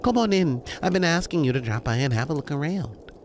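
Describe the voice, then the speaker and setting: A man's voice: on the high side, lively intonation, fairly quick, slight background noise, voice pushed up, close to an everyday voice. A man putting on a gushing, eager woman neighbor. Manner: bright, beaming, overly friendly.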